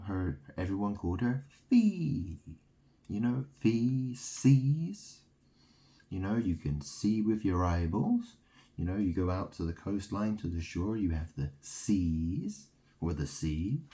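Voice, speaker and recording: Slow, low-voiced insistent man. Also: dark tone. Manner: insistent, repeats "okay?", plays on word sounds. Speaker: self-styled religious speaker. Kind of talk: rambling monologue to camera.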